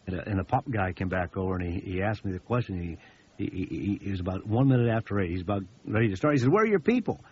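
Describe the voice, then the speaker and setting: A man's voice: sits low, fast, a little mellow, slight background noise. A man giving a sales training talk to contractors, folksy and anecdotal, repeating words for emphasis. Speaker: business seminar speaker. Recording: dull lo-fi recording.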